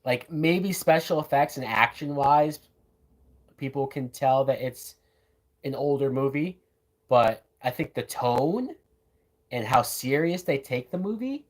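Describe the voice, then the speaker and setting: Casting note: male reviewer doing a live watch-along, relaxed and chatty, mid-pitched voice, lots of "man" and "like". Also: a little slow. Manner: loose, chatty, says "man" and "like" a lot. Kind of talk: casual live commentary.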